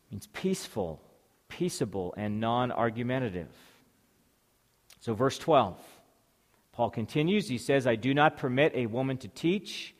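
A man giving a sermon. He reads scripture aloud and then explains it step by step, with some fillers and restarts. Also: medium pitch. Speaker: preacher. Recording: long hall reverb.

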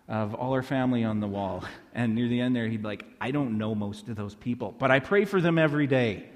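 A man's voice: mid-range voice, big-room sound. A man preaching a sermon as a pastor, telling stories in a loose, conversational way with fillers and restarts.

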